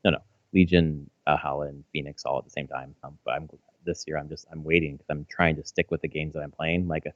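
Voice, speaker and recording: In a dry, slightly dull recording, a podcast co-host in his thirties talks fast and flatly in an extremely low voice, hardly pausing. He chats loosely, rambling, swearing freely and full of fillers and restarts.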